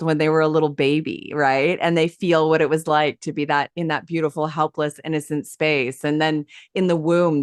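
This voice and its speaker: A woman guest telling her story in an interview, lively and emphatic, acting out quoted dialogue as she goes. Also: deep voice, clean tone, dry recording, studio quality. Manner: animated, acts out quoted dialogue; emphatic and enthusiastic. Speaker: hypnosis coach and guest.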